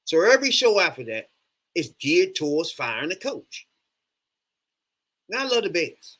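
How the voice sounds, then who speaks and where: Animated man ranting with a bright voice. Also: sits high, normal speed. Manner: animated, profane, exasperated ranting. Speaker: sports fan vlogger. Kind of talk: casual ranting monologue.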